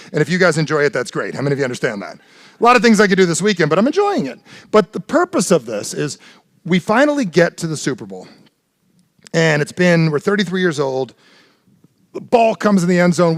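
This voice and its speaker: A man giving a live motivational seminar talk, animated and blunt, swearing freely and keeps asking the audience questions. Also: a little high, no room sound, clean studio sound. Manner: animated, blunt and profane, keeps quizzing the crowd. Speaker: motivational speaker.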